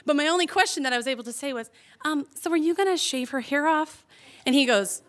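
A young woman telling a personal story to a live audience, chatty and animated, laughing and peppering her talk with "like". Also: high voice, quick pace.

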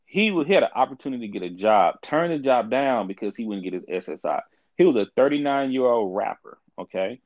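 A young man in his twenties chatting casually on a podcast, telling stories in a lively, swooping voice. His pitch jumps around as he acts out the people in them. The sound is dry and a little dull, like lo-fi audio. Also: brisk, no echo. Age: 20s. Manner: animated storytelling, acts out quoted people. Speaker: podcast co-host. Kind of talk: casual chat.

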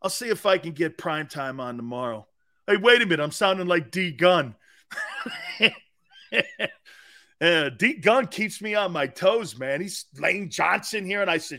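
A man's voice: high-pitched, unhurried. A middle-aged man hosting a sports talk stream, joking and reading viewer comments aloud. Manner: animated, joking, jumps between chat comments. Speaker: sports talk show host.

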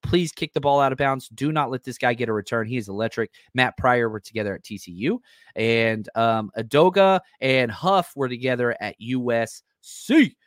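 Male sports podcast host, casual and hyped, average pitch, dry booth sound. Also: moderate pace, no echo. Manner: excitable, hype-driven.

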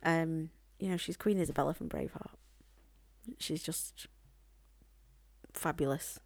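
A woman's voice: deep voice, a little slow, a little mellow, dry recording. A woman co-hosting a podcast, chatting playfully about a film and gushing over the cast. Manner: playful, gushing, slips into silly put-on voices. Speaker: podcast co-host. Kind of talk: casual film review chat.

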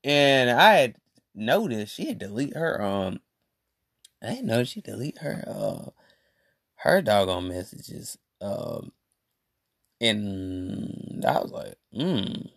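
A man's voice: fairly low pitch, sing-song, takes it slowly, gravelly, pauses often, a bit bright, no room sound, clean studio sound. A man hosting a podcast, telling a story to his listeners in a rambling, slang-filled casual monologue. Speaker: podcast host.

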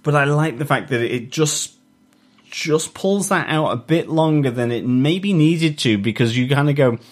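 A man co-hosting a podcast, thinking aloud with many pauses and restarts. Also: on the high side, animated. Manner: thoughtful, hesitant, lots of fillers and restarts. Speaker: podcast co-host. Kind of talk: podcast discussion of a TV episode.

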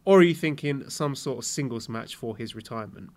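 A man co-hosting a podcast, reading listener questions aloud in a steady, casual way. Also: mid-range voice, a little fast. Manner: steady, reads questions aloud and hands them over.

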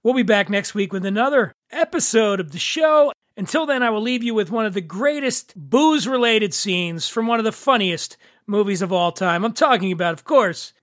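A man hosting a podcast in casual chat, jovial and quick to laugh. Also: high voice, expressive, a bit bright, no echo, studio quality. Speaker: podcast host.

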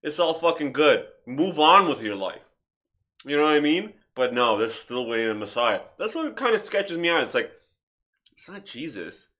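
A man hosting a casual podcast, animated, swearing freely and firing off rhetorical questions. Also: a little high, normal speed. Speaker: podcast host.

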